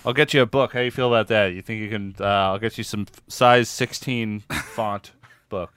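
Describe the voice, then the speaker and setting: A man's voice: fairly low pitch, steady tone, normal speed, a bit bright, clear, resonant tone, dry recording, clean studio sound. A man co-hosting a comedy podcast, teasing the others with wry remarks. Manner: teasing and wry, laughs easily. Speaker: podcast co-host. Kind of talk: casual comedy podcast chat.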